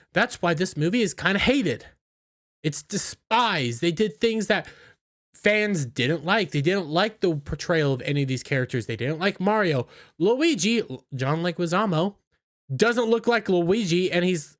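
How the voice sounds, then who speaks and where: A man giving opinionated commentary in an indignant, scornful, ranting manner. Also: high-pitched. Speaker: YouTube commentator.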